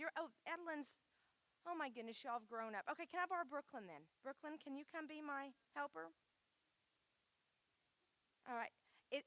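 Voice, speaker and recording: A woman's voice: fairly high pitch, pushed and bright. A woman leading a children's church lesson, upbeat and coaxing, often saying "all right". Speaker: Vacation Bible School leader.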